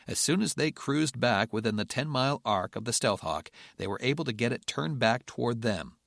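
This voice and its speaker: A man reading a military thriller audiobook in steady, measured narration. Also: mid-range voice, creaky, no echo, studio quality. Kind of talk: scripted narration.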